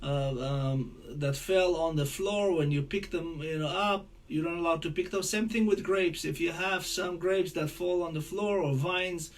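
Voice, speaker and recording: High-voiced rabbi. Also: male voice. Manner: conversational teaching, mixing Hebrew quotes into English; rattles off Hebrew verses quickly. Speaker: rabbi teaching a class. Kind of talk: Torah lesson.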